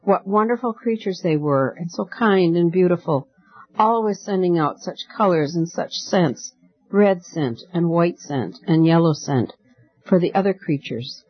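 A man narrating a fairy tale audiobook in a measured, gently expressive reading. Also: sits high, no echo, dull audio. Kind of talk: audiobook storytelling.

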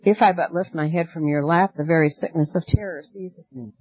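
A man voicing a frightened young man who fears the dark, pleading earnestly, in a dull, dry lo-fi recording. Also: fairly high pitch, a little fast, husky, no room sound, soft background music.

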